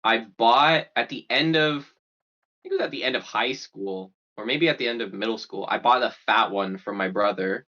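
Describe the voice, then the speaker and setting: A young man chats on a podcast, bright and forceful in tone, and slips into the voices of the people in his story. The recording is dull and lo-fi. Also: mid-range voice, moderate pace. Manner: animated storyteller, acts out quotes. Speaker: podcast co-host. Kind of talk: casual chat. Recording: dull lo-fi sound.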